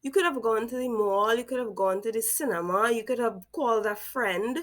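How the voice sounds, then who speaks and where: A woman's voice: on the high side, fairly quick, few pauses. A woman with a Caribbean accent, commenting on a story as a reaction video host, with incredulous rhetorical questions. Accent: Caribbean English.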